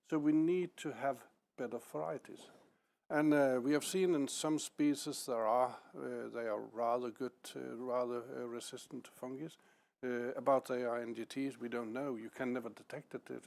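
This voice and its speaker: A man speaking on a panel for farmers and cooperatives, halting and often restarting or repeating his words. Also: medium pitch, creaky, darkish tone. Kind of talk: panel discussion.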